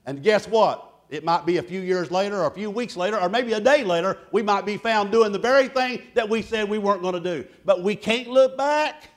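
A man preaching a sermon, loud and boisterous, telling folksy stories between points. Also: high-pitched, lively intonation, moderate pace. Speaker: pastor.

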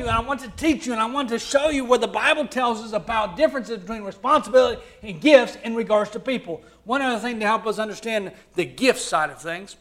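A man with an Alabama Southern accent, preaching a sermon as pastor, swinging between loud declarations and hushed, low asides.

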